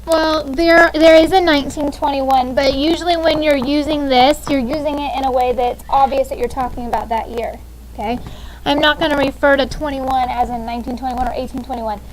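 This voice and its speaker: A woman's voice: high voice, fairly even intonation, brisk, slight background noise, rough recording. A woman in her thirties teaching a classroom grammar lesson, upbeat and often checking in with "okay?". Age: 30s.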